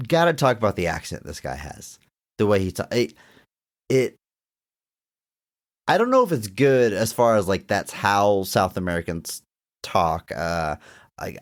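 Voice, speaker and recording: A young man with a lowish voice co-hosts a casual movie podcast. He talks eagerly and loosely, circling back on his words as he goes. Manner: enthusiastic, rambling with restarts. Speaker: podcast co-host. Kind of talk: casual movie review chat.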